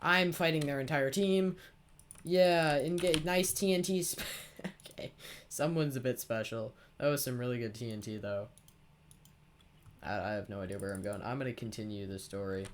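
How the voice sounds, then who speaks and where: Over his gameplay, a teenage gaming channel host spins a rambling, sarcastic story packed with swearing. He speaks at a moderate pace in a mid-range male voice, with a little hiss or hum in the recording.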